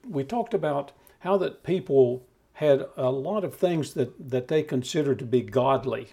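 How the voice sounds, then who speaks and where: A man preaching a steady, measured Bible teaching, talking the listener through scripture. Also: mid-range voice, vocal fry. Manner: calm measured teaching with occasional restarts.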